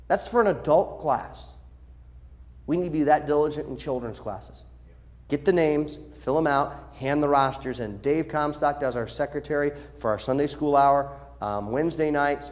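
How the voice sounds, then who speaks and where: A middle-aged pastor speaks to his congregation in a slightly raised, lively voice. He instructs the children's workers with energy, slipping into quoted voices as he goes. The talk comes from a church service. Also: on the high side. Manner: animated, acts out quoted voices. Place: church sanctuary.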